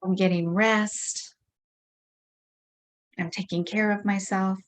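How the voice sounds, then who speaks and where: A woman leading a tapping session, speaking slow repeated affirmations about her frustration. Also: medium pitch, fairly even intonation. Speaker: EFT tapping practitioner. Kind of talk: guided tapping script, slow repeated phrases.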